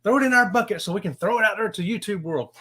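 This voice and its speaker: A man's voice: high voice, fast talker, sharp tone, husky. A man co-hosting a casual cruise livestream, reading viewer comments in a folksy, upbeat way. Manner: folksy and upbeat, says y'all and howdy. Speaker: co-host of a cruise channel livestream.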